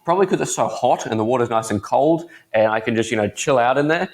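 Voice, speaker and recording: A man's voice: mid-range voice, animated, fast talker. A teenage man with an Australian accent, a laid-back and chatty guest telling stories in a casual podcast interview. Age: teens. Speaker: guest entrepreneur.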